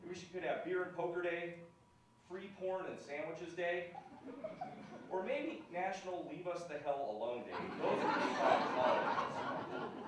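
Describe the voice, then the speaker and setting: A man doing a stand-up routine in a club, with a dry, wry delivery and chuckles at his own jokes. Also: fairly high pitch. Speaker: stand-up comedian. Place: comedy club stage. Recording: echoey room from far off with ambient noise.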